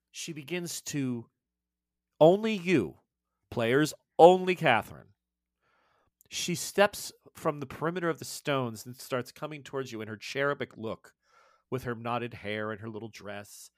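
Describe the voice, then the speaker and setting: A man narrating a tabletop horror game as game master, with dramatic, animated delivery. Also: mid-range voice, measured pace, pauses often, dry recording, clean studio sound.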